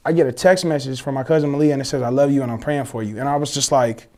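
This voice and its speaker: A young man, telling a personal story in casual, slangy, animated chat, acting out the voices of others. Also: mid-range voice, racing. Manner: animated, swears freely, slangy, acts out quoted voices. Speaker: guest telling his story.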